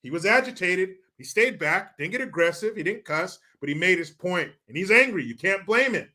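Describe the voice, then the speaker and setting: A man delivers ranting political commentary with a sarcastic, profane, mocking edge. His high, bright voice moves slowly, swinging widely and lively in pitch.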